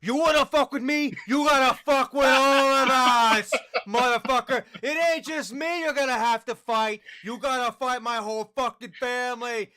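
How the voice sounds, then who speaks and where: Man playing a swaggering rat mob boss, high and sharp, foul-mouthed, tabletop game. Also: fairly even intonation, moderate pace, hardly any pauses, smooth. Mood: menacing. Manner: swaggering, profane, threatening. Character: tough streetwise male rat gang boss.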